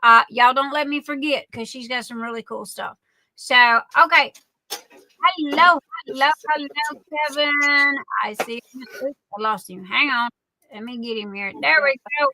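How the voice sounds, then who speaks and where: A woman's voice: on the high side, moderate pace, pushed and bright, no room sound, low-quality recording. A woman, hosting a live stream and greeting viewers by name in a chatty, affectionate, rambling way. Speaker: livestream host. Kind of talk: casual chat greeting viewers.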